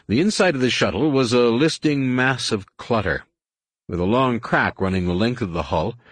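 A man reading a science fiction novel aloud in measured, dramatic scripted narration. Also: mid-range voice, slightly rough, no echo. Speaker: audiobook narrator.

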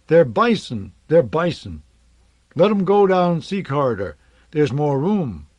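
A man voicing an excited woman shouting across a corridor. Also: low-pitched, a little slow, dry recording, voice pushed up, heavily acted. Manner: loud, shouting.

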